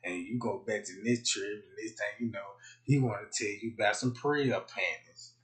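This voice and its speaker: A man hosting a livestream, telling a profane comic story in an animated way, swinging from hushed asides to loud outbursts. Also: fairly low pitch, normal speed. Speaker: comedic livestream host. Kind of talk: profane comedic storytelling rant.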